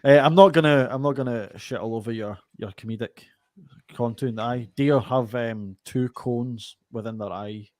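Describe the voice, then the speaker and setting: A man's voice: medium pitch, normal speed, a little mellow, no echo, clean studio sound. A man co-hosting a podcast in casual chat, arguing in an exasperated, sweary way, heard over a video call. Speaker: podcast co-host.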